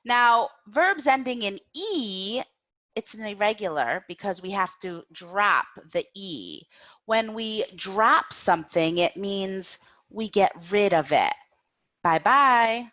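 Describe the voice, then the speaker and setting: Slow, lively woman teaching English. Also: mid-range voice, muffled recording. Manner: slow, clear, drills learners with repetition. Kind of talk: grammar lesson.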